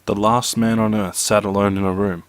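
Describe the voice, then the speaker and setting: A man reading out short horror stories in a slow, measured narration. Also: on the low side, flat delivery, a little hiss or hum. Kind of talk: reading scary two-sentence stories.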